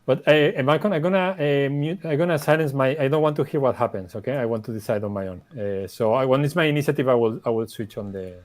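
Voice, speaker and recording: A man playing a tabletop game, speaking in a halting way with many restarts. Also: mid-range voice. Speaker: player.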